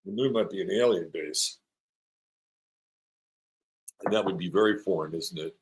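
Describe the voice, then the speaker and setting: Low-voiced, rambling middle-aged male astrologer. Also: normal speed, poor audio. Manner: rambling, playful, reads viewer comments aloud. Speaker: astrologer host. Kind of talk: live-stream chat with viewers.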